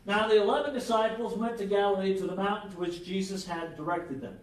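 A pastor preaching a conversational sermon, animated and joking, checking in with the congregation with frequent "right?". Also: male voice, sits high, brisk. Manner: animated, jokes and acted-out quotes. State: jet lagged. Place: church hall with congregation. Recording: echoey hall, mic at a distance.

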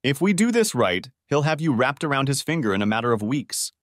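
A greedy corporate schemer, played by a male narrator, talking in a persuasive, conspiratorial way. The pitch moves a lot, and the sound is dry and close. He is a figure in an audiobook story. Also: sing-song, fairly quick, dry recording, natural voice. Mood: scheming.

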